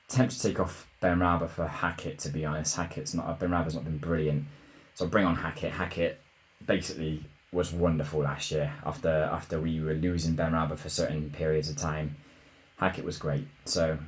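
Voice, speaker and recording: Low-pitched male gamer, excitable live play commentary, muttering and shouting by turns. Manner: excitable, shouts at goals, mutters when frustrated. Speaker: gaming YouTuber.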